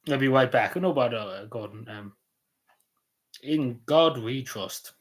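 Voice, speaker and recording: A man's voice: medium pitch, unhurried. An Irish man streaming a casual chat. He rambles loosely, with lots of ums, uhs and likes. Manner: meandering, full of ums and likes.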